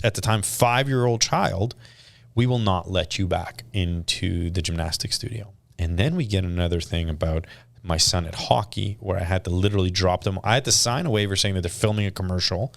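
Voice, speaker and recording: A Canadian man in his thirties speaks in a low, creaky voice. He's a guest on a podcast, telling stories in a casual, animated way and acting out the quotes.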